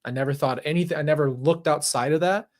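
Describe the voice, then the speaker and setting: A man's voice: a little high, quick pace. A young adult man hosting his own show, talking candidly and emphatically through a personal story, with plenty of "like" and restarts, into a handheld mic. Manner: emphatic, conversational, with filler "like" and restarts. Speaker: host.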